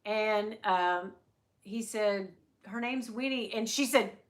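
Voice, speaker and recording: A woman, hosting her handbag channel's livestream and chatting casually, telling stories with quick asides to her viewers. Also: medium pitch.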